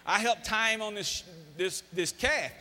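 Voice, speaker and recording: A man in his fifties tells folksy stories in a motivational talk and leans hard on the key words. His voice sits fairly high and bright. A long hall reverb hangs behind everything he says. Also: unhurried. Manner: folksy, emphatic storyteller. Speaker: speaker, former football coach.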